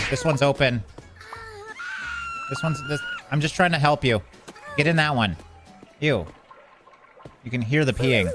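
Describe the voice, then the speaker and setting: A man's voice: mid-range voice, a bit bright. A man giving casual running commentary while playing a game, chatting to the characters on screen and getting flustered as things go wrong. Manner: talks to game characters, swears mildly, gets flustered. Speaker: gameplay commentator.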